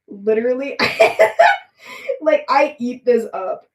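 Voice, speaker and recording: A woman's voice: on the high side, sing-song, takes it slowly, far from the mic. A young woman chatting casually and rambling with giggles while she draws on a live stream. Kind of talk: casual chat while drawing. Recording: echoey room, voice off-mic.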